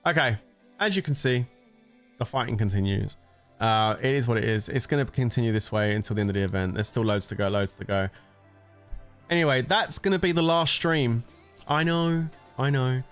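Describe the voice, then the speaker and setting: A man's voice: medium pitch, moderate pace, fairly bright tone. A man talking casually and joking as he streams a mobile strategy game. His voice sits in a middle range, and he laughs easily. Faint background music plays under his talk. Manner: chatty and jokey, often laughing. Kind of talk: casual gameplay commentary.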